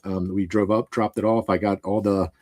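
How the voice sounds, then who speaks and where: A man from Pennsylvania telling a rambling, animated story in a casual podcast interview, laughing often and acting out what people said. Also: on the low side, normal speed, no room sound. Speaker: moving company owner, guest.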